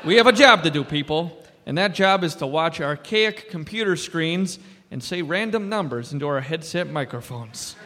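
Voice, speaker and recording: A fed-up air traffic control boss. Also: male voice, a little high, lively intonation, pushed and bright, in a large hall. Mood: exasperated. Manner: weary, scolding, brisk. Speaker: sketch comedy actor. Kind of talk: live radio sketch acting. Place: theater stage.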